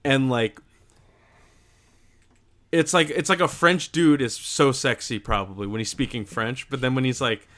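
A man's voice: medium pitch, unhurried, long pauses, a bit bright. A man co-hosting a podcast in casual chat, blunt and argumentative, laughing at his own jokes. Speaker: podcast co-host.

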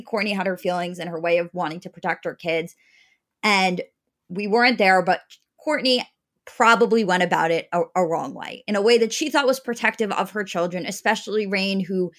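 Thoughtful woman co-host. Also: medium pitch. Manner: thoughtful, measured opinions with fillers. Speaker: podcast co-host. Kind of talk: casual recap chat.

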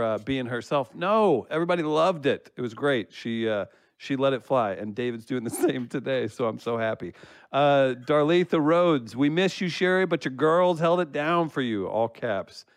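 A man's voice: mid-range voice, smooth, no room sound, studio quality. A man co-hosting a podcast, reading listener comments aloud in casual banter and laughing often. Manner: laughs often while reading, relaxed joking.

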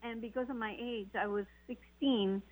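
A woman's voice: a little high, steady tone, normal speed, a little mellow. A woman who is not a native English speaker, with a light foreign accent, telling stories earnestly in a casual chat. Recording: tinny phone line.

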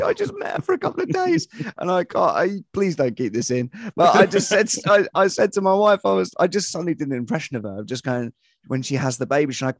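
A man talking as a podcast guest about doing impressions, in an animated, chatty way with frequent laughs. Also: a little high, no echo, clean studio sound. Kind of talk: casual chat.

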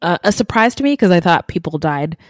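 A woman's voice: fairly low pitch, animated, a little fast, no room sound. A woman co-hosting a true-crime podcast in casual chat, blunt and irreverent, laughing often. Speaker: podcast co-host.

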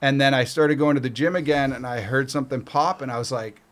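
Speaking fast in a steady, mid-range voice, a middle-aged Canadian man tells stories casually as a podcast guest. He swears freely and performs the voices of the people in his stories.

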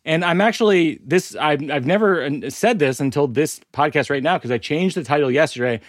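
A man with a slightly higher voice hosts a casual podcast chat. He is self-deprecating, laughs easily and stumbles into restarts. The sound is dry and close. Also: moderate pace, no room sound. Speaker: podcast host.

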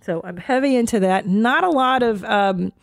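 Low raspy-edged woman host just rambling and cussing, kinda stuffy, dry close mic. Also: normal speed, no room sound. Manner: profane, rambling, with restarts and sighs. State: stuffy from cold medicine. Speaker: podcast host. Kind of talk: casual chat.

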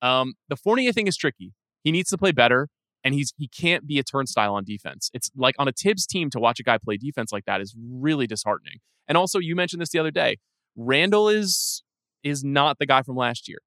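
Fast-talking wry podcast guest. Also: male voice, medium pitch, animated, a bit bright, no echo, studio quality. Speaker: podcast guest, film critic. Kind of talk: casual conversation.

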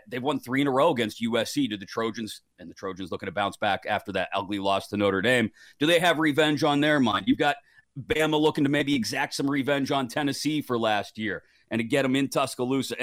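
A man's voice: mid-range voice, dry recording, studio quality. A man giving his college football picks as a guest on a betting show, talking casually with jokes at his own expense. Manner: animated, self-deprecating, jokey. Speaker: guest sports betting analyst. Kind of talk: casual sports betting chat.

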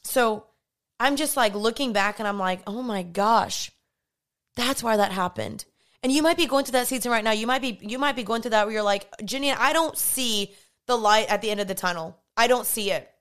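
A woman's voice: fairly high pitch, normal speed, a bit bright. A young woman hosting a faith podcast, speaking in a passionate, emphatic, repetitive way. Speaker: podcast host. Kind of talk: faith-based podcast monologue.

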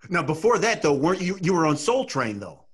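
Lively-voiced male interviewer. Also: a little high, a little fast. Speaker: podcast host.

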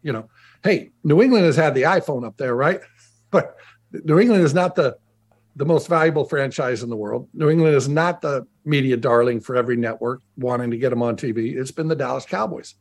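Speaking a little fast in a mid-range voice, a middle-aged ex-football pro turned broadcaster recounts stories in a remote interview via video call. He often restarts sentences conversationally and repeats himself for emphasis.

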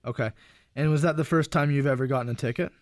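A man's voice: medium pitch, fairly even intonation, quick pace, dry recording. A man giving employment law advice to a caller, hesitant with many uhs and restarts. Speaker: employment lawyer. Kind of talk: call-in advice.

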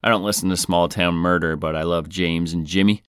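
A podcast host with a very low, smooth, resonant voice reads listener mail aloud in a wry, deadpan way. He's brisk, and the recording is dry and close, with no sense of a room around it.

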